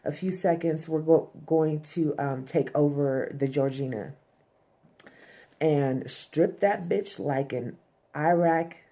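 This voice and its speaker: A woman's voice: deep voice, slow, warm tone. A woman quoting a brash, crude male Wall Street boss in a near-everyday voice. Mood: boastful. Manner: crude, boastful, swaggering.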